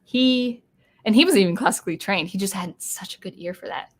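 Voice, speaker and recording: An American woman of medium pitch hosts a relaxed live-stream Q&A. She talks in a chatty, explanatory way, often restarting her sentences as she answers viewers. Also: a little fast. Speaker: live-stream host of a music channel. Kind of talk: casual live Q&A, reading viewer comments aloud.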